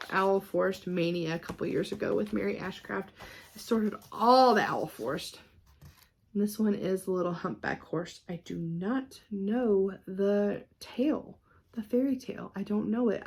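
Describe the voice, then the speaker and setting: Chatty woman with vocal fry. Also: mid-range voice. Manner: chatty and scattered, trails off and laughs at herself. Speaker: cross-stitch vlogger. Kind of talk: casual show-and-tell chat.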